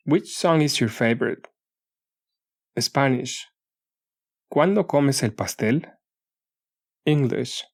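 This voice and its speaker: A man narrating a language lesson audiobook, reading paired example phrases in a measured way. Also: mid-range voice, creaky.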